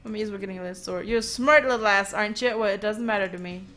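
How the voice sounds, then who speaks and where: A woman's voice: medium pitch, fast, fairly bright tone, soft background music, close to an everyday voice. Woman reading out a boastful caravan boss. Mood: needling. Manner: boastful, pushy sales patter. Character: smooth-talking male caravan boss recruiting.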